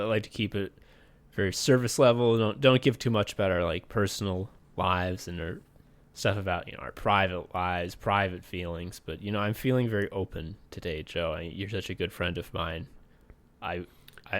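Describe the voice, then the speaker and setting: A man co-hosting a comedy podcast, talking in a casual, mock-earnest way. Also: low-pitched. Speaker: podcast co-host.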